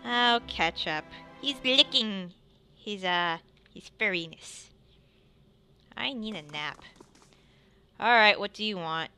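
A woman's voice: mid-range voice, lively intonation, takes it slowly, pauses often, bright, forceful tone, soft background music. A woman hosting a let's play, chatting playfully and reading the game's dialogue aloud. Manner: playful, reads all characters in her own voice.

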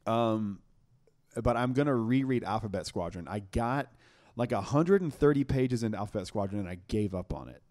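A young man with a somewhat low voice hosts a podcast in easy, casual chat. He rambles eagerly and stumbles over restarts as he gets excited about what he's telling. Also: normal speed. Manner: enthusiastic, rambling with many restarts. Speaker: podcast host.

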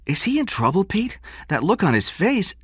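A woman's voice: medium pitch, very animated, normal speed, husky, no room sound, clean studio sound, pitched above the performer's own voice. A man voicing an anxious woman of thirty-two. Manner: anxious, questioning.

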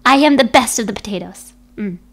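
A woman's voice: a little high, expressive, a little fast, a bit bright. A young woman streaming from home into a desk microphone, chatting casually and playfully with her viewers, often giggling.

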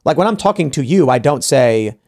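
Gravelly male podcast host. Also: medium pitch, animated, brisk, darkish tone. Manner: argumentative, many restarts, acts out quoted people. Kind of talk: opinionated panel talk. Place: podcast studio.

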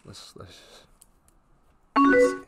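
A man casually commenting on a story game as he plays, reading chat lines aloud and reacting with quick offhand remarks and the odd swear. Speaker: gamer playing through a story game. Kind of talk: casual let's-play commentary. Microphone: desk mic with face cam. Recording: loud game music behind the voice. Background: loud game music and keyboard typing.

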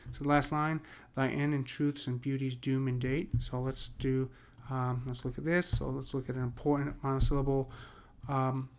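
A man's voice: mid-range voice, flat delivery, moderate pace. A man casually explaining poetry meter in a rambling way, often checking with "right?". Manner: rambling, repeats "right?" often, many restarts. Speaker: poetry teacher.

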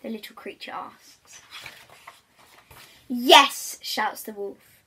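A woman reading a picture book aloud to young children, gentle and chatty with her viewers. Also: a little high, normal speed, husky.

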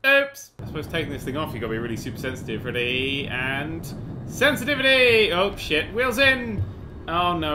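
A man giving excitable, sarcastic gameplay commentary, swearing freely as he flies. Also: fairly high pitch, moderate pace, noisy background. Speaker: gaming video host.

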